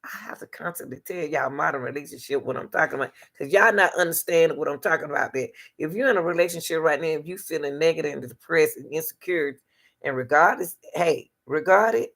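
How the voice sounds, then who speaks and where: A woman's voice: deep voice, a little fast, fairly bright tone. A woman hosting a casual advice talk on relationships, emphatic and repetitive, speaking straight to her listeners.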